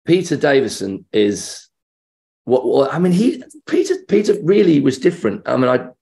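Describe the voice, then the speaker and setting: A middle-aged actor interviewed as a guest, telling anecdotes in a lively way and acting out the voices of the people in them. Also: male voice, mid-range voice, normal speed, gravelly.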